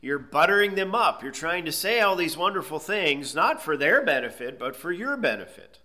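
A man's voice: on the high side, very animated, moderate pace, sharp tone. A man preaching an expository sermon, reading scripture aloud and then explaining it plainly. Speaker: pastor.

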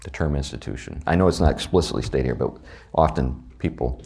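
A man's voice: a bass voice, brisk, creaky, darkish tone, husky. A man with a Southern US accent teaching a church class on a confession of faith in a conversational way, asking his students questions. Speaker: Bible study teacher.

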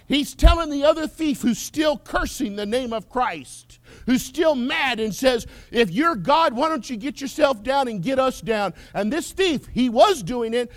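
A male preacher delivering an impassioned sermon, swinging from loud declarations to hushed whispers. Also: very high-pitched, no room sound.

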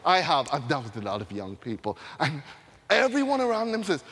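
A man's voice: a little high, animated, fairly quick, fairly bright tone, slight background noise. A man preaching a sermon, retelling a scripture story animatedly with sound effects and frequent laughter. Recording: long hall reverb.

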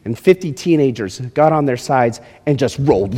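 Animated pastor preaching in echoing hall. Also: male voice, medium pitch, normal speed, few pauses. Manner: animated, acts out quotes, addresses congregation directly. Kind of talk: sermon. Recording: reverberant hall.

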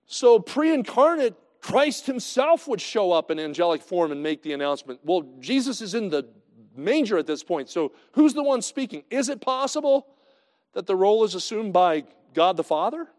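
Man preaching a sermon, conversational, loud then hushed, slightly high voice, long hall reverb. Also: expressive, normal speed. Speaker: pastor.

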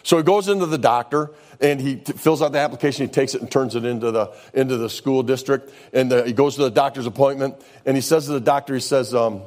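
A male pastor preaching a sermon, telling stories in a folksy way and swinging from loud to hushed. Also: medium pitch, quick pace, few pauses. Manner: folksy storytelling, says "man" often.

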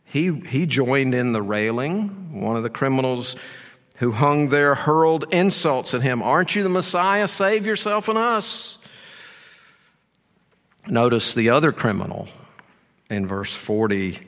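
A man preaching a sermon as pastor, earnest and emphatic, moving between firm statements and hushed asides. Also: mid-range voice. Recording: long reverb of a large hall.

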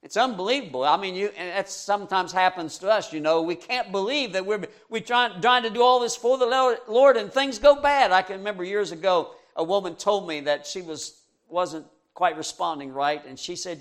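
A man preaching a sermon, earnest and direct, asking his listeners questions and swinging from loud emphasis to quiet asides. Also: high-pitched, moderate pace.

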